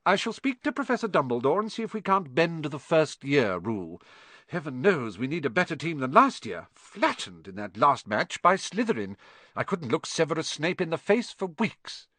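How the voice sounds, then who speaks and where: A man's voice: fairly high pitch, sing-song, normal speed, fairly bright tone, no room sound, pitched above the performer's own voice. A man voicing a stern older female professor, with a clipped, commanding way of speaking, in an audiobook reading. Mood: brisk, stern.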